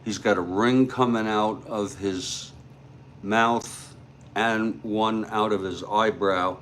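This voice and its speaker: A man casually retelling a story he wrote, stopping for asides and fillers. His voice is on the low side and his delivery is slow and unhurried. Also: steady tone, a bit bright, a little hiss or hum.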